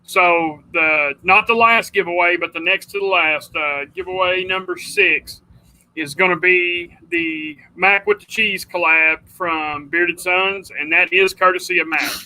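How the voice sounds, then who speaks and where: A man's voice: sits high, a little slow, pushed and bright, poor audio. A man hosting a casual livestream chat, rambling and chatty, often calling people dude. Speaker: livestream host.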